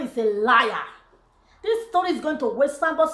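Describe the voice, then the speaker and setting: A woman's voice: sits high, lively intonation, normal speed, a bit bright. A Nigerian woman vlogging a joyful testimony, praising God and slipping into pidgin as she talks. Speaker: YouTuber. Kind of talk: casual vlog testimony. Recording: echoey room.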